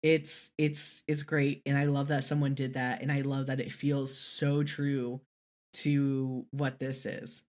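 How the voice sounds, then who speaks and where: A woman co-hosting a casual podcast, talking in a rambling, animated way and swearing casually. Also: very deep voice, takes it slowly. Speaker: podcast co-host.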